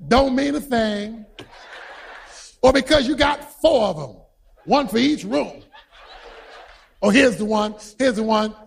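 A man preaching a sermon who tells stories with energy, shouts his points and quizzes the congregation. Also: very high-pitched, takes it slowly, vocal fry, pauses often, slightly rough. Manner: animated storytelling, shouting for emphasis, quizzing the congregation.

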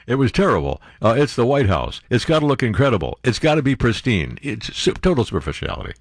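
A man's voice: mid-range voice, fast talker, hardly any pauses, no echo, clean studio sound. Sarcastic male talk radio host. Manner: sarcastic, animated commentary with mock-incredulous outbursts. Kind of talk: reading and mocking news on air.

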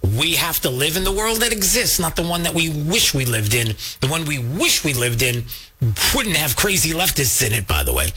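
Man, talk radio host, husky voice, bright tone, lively swings in pitch, emphatic, fired up. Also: moderate pace. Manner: fired-up, emphatic, addresses co-host and audience directly. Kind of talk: political talk radio commentary. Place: radio studio.

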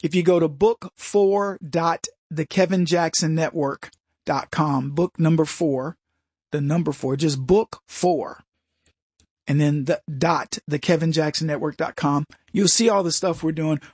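A man hosting a radio talk show, talking in an animated, sarcastic way and mocking people in put-on voices. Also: fairly high pitch, unhurried, no echo, clean studio sound.

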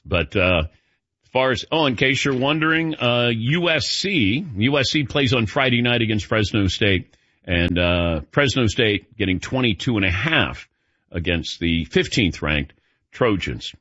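A man's voice: fairly low pitch, lively intonation, measured pace, bright, forceful tone, no echo. A man hosting a sports radio show, chatting casually, joking and telling anecdotes. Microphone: studio mic. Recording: dull, dry studio sound.

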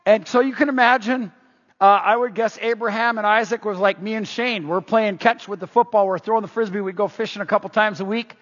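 A man preaching a sermon in an energetic, emphatic way, moving between loud stresses and quiet asides. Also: sits high, fairly quick. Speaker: pastor. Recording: dull, echoing hall sound.

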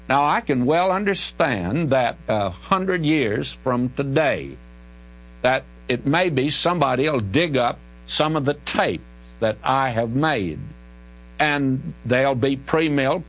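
A man's voice: medium pitch, rough recording. An older man, a Bible teacher answering listener questions on the radio in an emphatic, folksy way, stretching key words. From American South.

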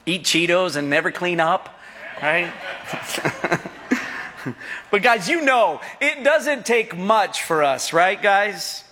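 A man's voice: high voice, sing-song, takes it slowly, long pauses, pushed and bright. A middle-aged man preaching a sermon as pastor, joking and telling stories, often asking the congregation to answer back. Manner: jokey, storytelling, asks the congregation for responses. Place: church hall. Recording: long hall reverb.

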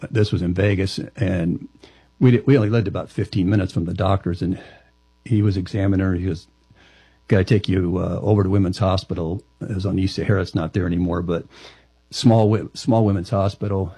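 A lower-pitched man speaks as an interview guest, telling a personal story in a halting way that keeps circling back on itself. His voice is husky. The recording is dry and close. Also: steady tone, mellow, dry recording. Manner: halting, with frequent restarts.

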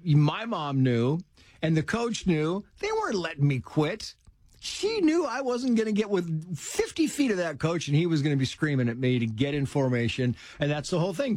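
A middle-aged man telling personal stories in casual conversation, animated, acting out the voices of people in them. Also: fairly high pitch, dry recording, clean studio sound. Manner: animated storyteller, acts out quoted voices. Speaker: guest telling life stories.

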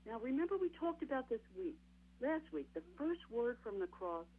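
A woman's voice: fairly high pitch, sing-song, moderate pace, husky. A woman preaching a sermon, emphatic, repeating key phrases and calling her listeners my friends. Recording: narrow phone-line radio broadcast sound.

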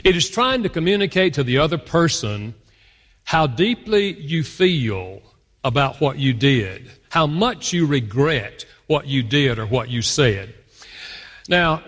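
A guest speaker gives an earnest teaching talk to an audience in a large conference hall. His voice is a little high and fairly bright, and the live recording carries long hall reverb.

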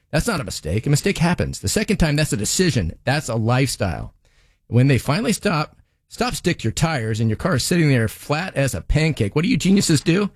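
A man's voice: medium pitch, no room sound, clean studio sound. A man voicing a stern, sarcastic female TV judge who scolds defendants in a comedic courtroom monologue.

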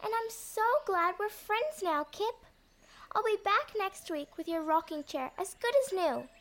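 A woman's voice: very high-pitched, a little slow, a bit bright, voice pushed up. A woman voicing a kind, earnest little girl in a children's story. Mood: grateful. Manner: earnest and grateful.

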